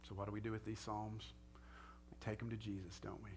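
A man's voice: lowish voice, little pitch movement, brisk, gravelly, background noise. A middle-aged man preaching as a pastor in an earnest, conversational way that rises to fervent prayer. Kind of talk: sermon and closing prayer.

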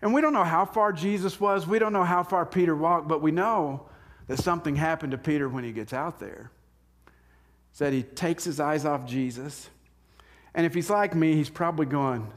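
A man preaching a sermon in a conversational way, acting out the people in the story with quick voices. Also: fairly high pitch. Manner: acts out Bible figures in quick voices, conversational. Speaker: pastor.

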